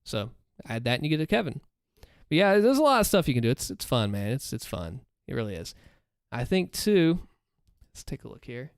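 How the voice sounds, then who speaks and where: A man's voice: mid-range voice, very animated, a little fast, vocal fry, smooth, no room sound, clean studio sound. A man in his thirties hosting a livestream, chatting casually and upbeat with his viewers. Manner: upbeat, chatty, talks to chat. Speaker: livestream host and story narrator.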